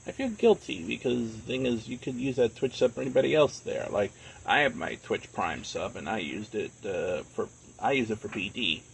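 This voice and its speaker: Gravelly, lively male streamer. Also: mid-range voice, moderate pace, slight background noise. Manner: rambling, filler-heavy, earnest. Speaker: live streamer. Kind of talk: casual live-stream chat.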